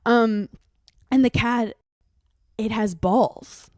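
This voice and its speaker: A young woman co-hosting a podcast, telling a story in a casual, animated way and acting out the voices of other people. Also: on the high side, extremely slow, no room sound. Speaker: podcast co-host.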